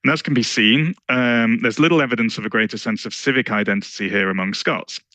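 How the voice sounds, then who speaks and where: A man giving an academic slide presentation, explaining survey results in a measured, step-by-step way. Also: mid-range voice, bright, forceful tone, no room sound, low-quality recording. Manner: measured, explanatory, walks through charts. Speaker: lecturer presenting survey research.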